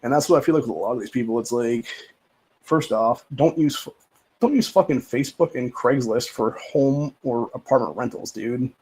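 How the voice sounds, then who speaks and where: A man's voice: mid-range voice, normal speed, darkish tone, breathy edge, poor audio. A man hosting a livestream, talking in a rambling, profane, casual rant with lots of repeated filler phrases. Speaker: livestream host.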